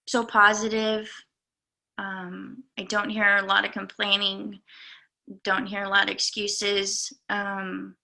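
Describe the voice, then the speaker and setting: A young adult woman, a golf coach, giving an earnest, halting talk to her students with many pauses and fillers. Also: medium pitch, gravelly, bright, forceful tone. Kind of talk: speech to students.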